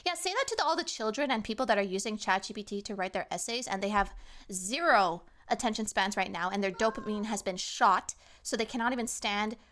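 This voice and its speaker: A woman's voice: mid-range voice, brisk, a bit bright. A woman from Canada, a streamer ranting sarcastically in a casual chat stream from home.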